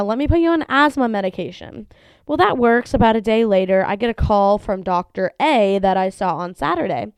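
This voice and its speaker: A woman's voice: mid-range voice, normal speed, smooth, no echo. A young woman hosting a casual solo podcast, telling a story animatedly and acting out the people in it, with some swearing. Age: young adult. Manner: animated, swearing, acts out quoted voices. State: sneezy from allergies. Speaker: podcast host. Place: at home.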